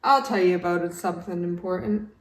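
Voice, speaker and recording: A woman voicing a cheerful, self-important yak taxi driver who never stops talking, rattling on fast and loud. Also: fairly even intonation, slight background noise, natural voice. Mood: chattering. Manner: rattles on fast, loud and high-pitched, barely pausing. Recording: roomy, distant home recording.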